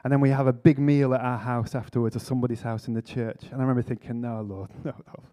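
A man's voice: medium pitch, fairly even intonation, quick pace, warm tone. A man giving a conference sermon, telling a story earnestly with self-mocking humour. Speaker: speaker at a church conference. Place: conference hall talk.

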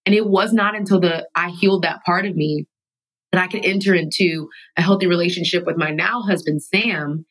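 A woman guest in a studio telling her own story candidly, emphatic and animated, sometimes laughing through her words. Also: on the low side, brisk, slightly rough, rough recording. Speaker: podcast guest.

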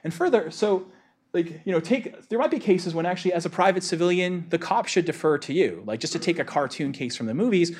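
A man's voice: high-pitched, lively intonation, brisk, darkish tone. A man giving a lecture in a casual way, with many filler words.

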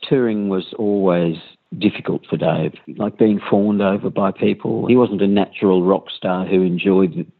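A man recalling touring with a band in a relaxed, anecdotal interview. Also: sits low, moderate pace, creaky. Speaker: interviewee, former bandmate. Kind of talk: conversational interview recollection. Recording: phone-like narrow line.

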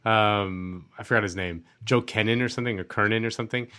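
Man on a podcast telling an anecdote, bright voice, animated, mimics the people he quotes. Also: on the low side, brisk, clear, resonant tone. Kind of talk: casual storytelling among friends.

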